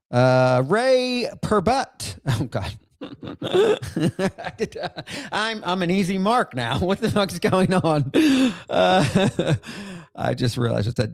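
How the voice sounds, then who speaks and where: A man's voice: on the high side, sing-song, slow, dry recording. Man, middle-aged, livestream host, heated, swearing, laughing outbursts, dry sound. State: in outpatient rehab. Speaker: host reacting to a clip. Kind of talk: livestream rant and chat reading.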